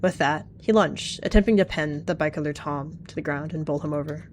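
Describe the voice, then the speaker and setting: A woman's voice: low-pitched, fairly quick, slight background noise. A woman giving dramatic, vivid storytelling narration of a game roleplay. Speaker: channel host narrating a roleplay.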